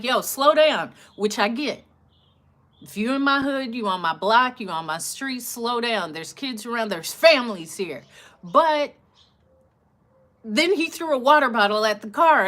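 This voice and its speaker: A woman hosting a livestream who tells a personal story in a casual, animated way and acts out what each person said. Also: on the high side. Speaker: livestream host.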